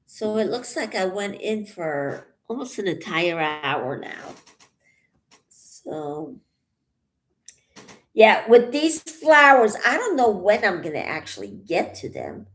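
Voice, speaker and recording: A woman vlogging casually as she paints, out of breath and rambling with many pauses, thinking aloud. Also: mid-range voice, sing-song. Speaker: channel host. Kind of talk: casual vlog while painting.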